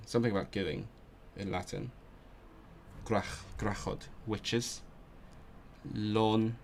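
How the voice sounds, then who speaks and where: A man speaks slowly and quietly to himself, repeating words as he works through vocabulary on a casual stream. His voice sits low, and he talks in a thinking-aloud way full of small restarts. Faint room ambience sits behind him. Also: steady tone, vocal fry, slight background noise. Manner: self-talk with restarts, low-key. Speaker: language learner streamer.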